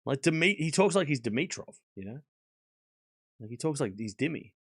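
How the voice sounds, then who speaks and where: Man, stream host, casual tennis commentary, rambling restarts, quick play-by-play calls, lively swooping pitch, dry close sound. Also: husky, no room sound. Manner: animated, rambling, repeats words while restarting sentences. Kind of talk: casual livestream watchalong commentary.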